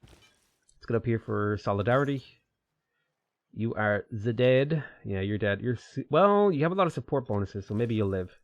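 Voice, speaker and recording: Male game streamer, bouncy animated delivery, dry close sound, chatty with viewers. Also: mid-range voice, moderate pace, no echo, lo-fi sound. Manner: chatty, reads viewer questions, bursts of excitement. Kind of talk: live gameplay commentary.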